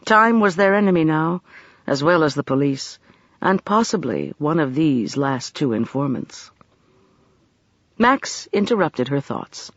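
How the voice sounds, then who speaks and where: A narrator reading a novel aloud in a measured, expressive way. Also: medium pitch, dry recording, highs cut off. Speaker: audiobook narrator. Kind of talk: audiobook narration.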